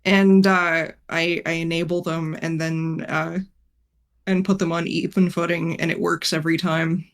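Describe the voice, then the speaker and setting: A woman's voice: sits low, flat delivery, unhurried. A woman teacher chatting casually on a game stream, telling a rambling story, swearing freely and laughing often. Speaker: art teacher and tabletop game player.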